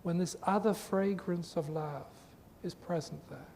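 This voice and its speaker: A man giving an earnest spiritual talk to a group, with emphatic, repetitive phrasing, recorded in a reverberant hall with a faint rumble. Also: measured pace, vocal fry, darkish tone. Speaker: spiritual teacher.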